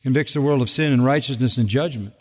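A man's voice: mid-range voice, fast, darkish tone. An older man preaching a sermon from the pulpit, emphatic and building to urgent peaks on key phrases. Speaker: pastor. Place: large church. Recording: long reverb of a church sanctuary.

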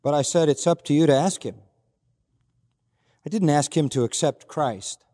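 A man's voice: on the high side, normal speed, dark tone. An older man, a pastor, preaching an earnest, emphatic sermon and retelling a story with quoted dialogue. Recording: hall reverb.

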